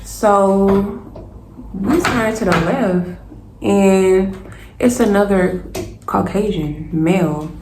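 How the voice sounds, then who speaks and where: A young woman telling a storytime to her viewers, animated and casual, addressing them directly. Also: medium pitch, drawn-out words, long pauses. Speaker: vlogger. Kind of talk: storytime vlog. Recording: roomy echo, faint noise.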